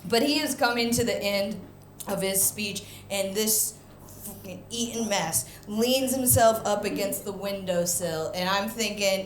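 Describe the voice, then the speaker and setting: A woman performing a stand-up comedy set, animated, jumping into loud high mock voices for punchlines. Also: a little slow, slight background noise. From United States. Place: comedy venue stage. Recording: echoey live venue, faint ambience.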